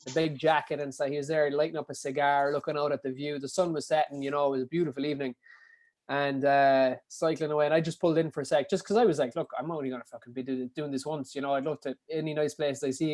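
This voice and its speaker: A man with a Kerry Irish accent telling stories as a podcast guest, animated and swearing casually. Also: medium pitch, quick pace. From Ireland. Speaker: podcast guest, endurance athlete. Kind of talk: casual storytelling.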